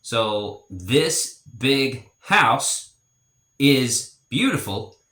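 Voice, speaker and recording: Slow, deliberate man teaching a lesson. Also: medium pitch, lively intonation, bright, forceful tone, reverberant. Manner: slow, deliberate, repeats example phrases. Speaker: language teacher. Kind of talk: explanatory language lesson.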